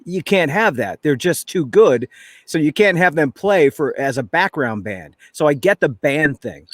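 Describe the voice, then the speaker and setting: A man's voice: fairly high pitch, animated, unhurried, no echo. Chatty New man hosting. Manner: chatty, rambling, self-correcting. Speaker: show host. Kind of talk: casual chat over drinks.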